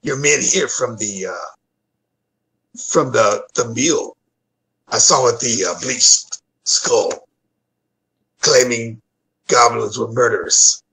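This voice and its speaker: A man voicing a pushy male goblin, speaking slowly and urgently. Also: medium pitch, creaky, sharp tone, full character voice, rough recording. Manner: slow, deliberate, pushy questioning.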